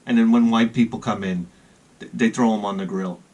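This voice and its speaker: A man's voice: on the low side, fairly even intonation, fairly quick, a little mellow, muffled recording. Rambling middle-aged man telling stories. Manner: rambling, restarts sentences, chuckles at own jokes. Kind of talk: rambling casual storytelling.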